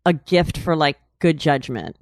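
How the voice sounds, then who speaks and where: Low-voiced and very animated yet unhurried, a woman speaks in a dry, clean studio recording. She's a guest in a casual storytelling interview, rambling candidly with lots of "like" and "you know," chatty and laughing as she tells it.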